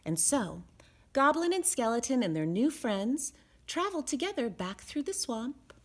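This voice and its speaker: A woman reading a children's picture book aloud as a storyteller, expressive and sing-song. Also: fairly high pitch, normal speed.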